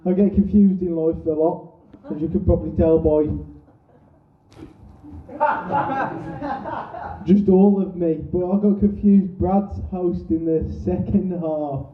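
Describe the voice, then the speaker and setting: High-voiced, slow, self-deprecating male compere, thin and tinny, far off in a roomy club. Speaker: comedy night host. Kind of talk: compering a comedy night. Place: small comedy club. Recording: tinny, echoey, distant club recording.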